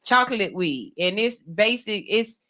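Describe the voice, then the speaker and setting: A woman hosting a radio show in a studio, talking in animated, joking slang with shouted hype calls. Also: medium pitch, measured pace. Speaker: radio host. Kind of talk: casual radio interview banter.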